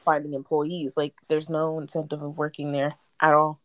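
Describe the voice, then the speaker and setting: A young woman co-hosting a casual podcast, relaxed and rambling with lots of fillers. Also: deep voice, normal speed, no room sound. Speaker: podcast co-host. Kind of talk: casual chat.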